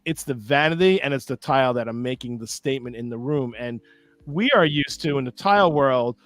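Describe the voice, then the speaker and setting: A man's voice: mid-range voice, a little fast, a bit bright, dry recording. A man from New York co-hosting a live show, speaking with enthusiasm and often stumbling over words. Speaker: co-host. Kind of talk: casual live show chat.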